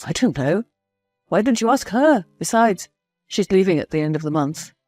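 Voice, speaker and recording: A flustered, evasive husband who stumbles over his words and turns defensive when questioned, as a woman narrator puts him on. His voice rises and falls widely in pitch, with soft music underneath. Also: lively intonation, moderate pace, no room sound, close to an everyday voice. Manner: stammering, defensive. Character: evasive nervous male husband, a teacher.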